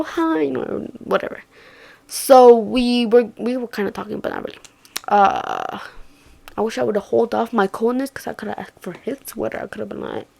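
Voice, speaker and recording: A young woman telling a story casually, swearing and slangy, jumping from loud outbursts to hushed murmurs. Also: fairly high pitch, creaky. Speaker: vlogger.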